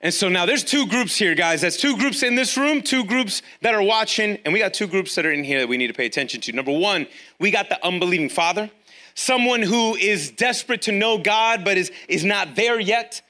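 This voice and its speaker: Man, pastor, sermon, high pitch, bright tone, animated delivery. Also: fairly quick. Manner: animated, acts out quoted voices, asks the audience questions. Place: church room with online viewers.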